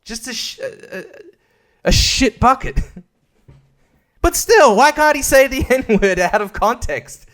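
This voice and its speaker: High-voiced sarcastic young man. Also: expressive, takes it slowly, pauses often, a bit bright. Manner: crude, sarcastic, rambling, laughs often. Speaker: podcast host. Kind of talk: casual solo podcast rant.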